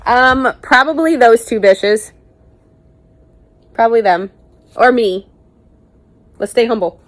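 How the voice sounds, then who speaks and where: A woman's voice: a little high, slow pace. A young woman vlogger answering viewer questions in a candid, chatty, self-mocking way, swearing casually now and then. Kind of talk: casual Q&A chat to camera.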